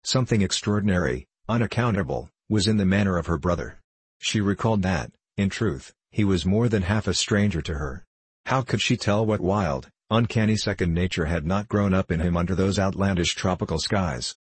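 A man narrating a novel in a measured, even manner. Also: deep voice, slightly rough, dry recording. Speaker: audiobook narrator. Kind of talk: scripted narration.

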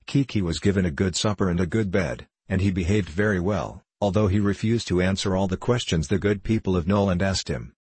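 A man narrating a storybook aloud in a steady, measured reading. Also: low voice, breathy edge, no echo.

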